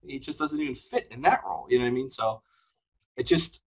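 A man's voice: mid-range voice, a little fast, slightly rough. A man co-hosting a podcast, talking casually and animatedly with lots of laughs and fillers. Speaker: podcast co-host. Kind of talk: casual chat reviewing a film.

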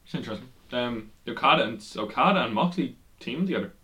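A man's voice: mid-range voice, animated, fast talker, sharp tone. A man co-hosting a casual wrestling podcast, rambling with many ums and restarts and swearing now and then. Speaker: podcast co-host.

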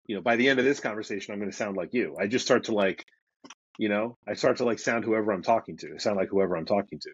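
Man, middle-aged, mild New York accent, low voice, rambling and easygoing, muffled recording. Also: fast talker, slightly rough. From Brooklyn, New York. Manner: rambling, self-correcting, easygoing. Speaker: podcast guest, comic creator. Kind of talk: casual interview chat.

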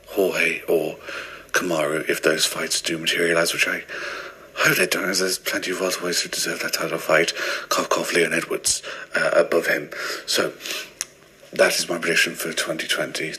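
Deep husky man in mock-posh voice. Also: pushed and bright, rough recording. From Newcastle area, England. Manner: mock-posh, formal delivery. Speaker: listener sending a voice message.

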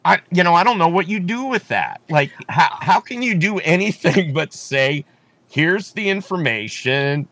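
A man's voice: sits high, very animated, normal speed, few pauses, a bit bright, no echo. A man running for office, talking emphatically in an interview and repeating his points with many restarts. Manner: emphatic, repetitive, restarts often. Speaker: political candidate. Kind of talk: campaign interview talk.

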